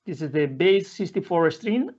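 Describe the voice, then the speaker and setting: A man presenting a live software demo in non-native English, halting often with fillers and restarting his sentences. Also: sits high, animated. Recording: dull lo-fi audio.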